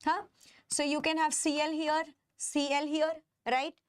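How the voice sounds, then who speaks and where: Speaking in a level tone from a high register, a woman with an Indian English accent leads a live online chemistry lesson, with no room sound in the recording. Stressed terms come out drawn-out, and she checks on her students again and again.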